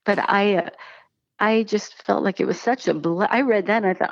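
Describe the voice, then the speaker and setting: A woman's voice: medium pitch, normal speed, creaky, no room sound, muffled recording. A woman, probably in her thirties, telling her personal story in casual conversation and acting out the voices of the people she quotes. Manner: animated storytelling, acts out quoted speech.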